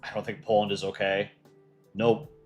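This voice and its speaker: A man's voice: on the low side, level tone, normal speed, faint music behind. A man hosting a casual livestream, reading out fan art entries and reacting with light jokes.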